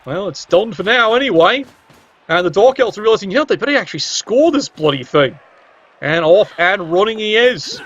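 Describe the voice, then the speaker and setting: A man's voice: high-pitched, fairly bright tone, a little hiss or hum. A man giving cheeky match commentary on a video game, full of wry asides and casual swearing. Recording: dull lo-fi sound.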